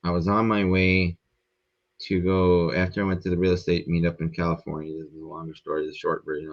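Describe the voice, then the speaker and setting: Deep-voiced man telling a rambling story. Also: highs cut off. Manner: profane, rambling and animated. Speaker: podcast guest. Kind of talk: casual storytelling.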